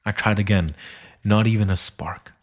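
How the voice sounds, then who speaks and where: A man narrating a dark thriller story in a solemn, hushed manner that often sinks to a whisper. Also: on the low side, steady tone, normal speed.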